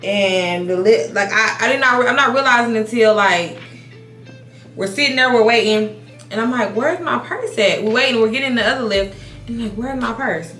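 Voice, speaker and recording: A woman in her thirties telling a casual storytime while doing her makeup, animated, swearing, restarting her sentences. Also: fairly high pitch, normal speed, echoey room, faint music behind. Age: 30s. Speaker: beauty vlogger. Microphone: compact camera mic.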